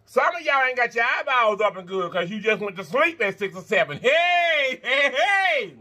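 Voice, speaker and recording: A man hosting an eating-show vlog, chatting to viewers between bites, animated and quick to laugh. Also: high-pitched. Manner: animated, talks straight to viewers, laughs and chants; talks while eating and blowing on hot food. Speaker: mukbang host.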